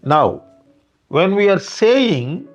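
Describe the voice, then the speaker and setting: An older man with an Indian English accent lectures on grammar in a high, light voice. He takes his time over each phrase, with soft music faintly in the background. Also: big pitch swings, dull audio. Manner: slow, deliberate, acts out example sentences with varied intonation. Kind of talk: classroom lecture.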